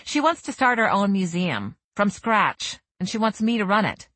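Polished middle-aged fundraiser, polite pro voice, slightly husky, read by a woman. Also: medium pitch, big pitch swings, moderate pace, no room sound. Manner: bright, polite professional tone.

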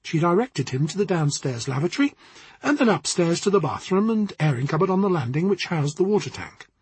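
A man narrates a story with an expressive, wry delivery. His voice is high and lively, with a husky, breathy texture, and it sounds dry and close. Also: a little fast, no room sound.

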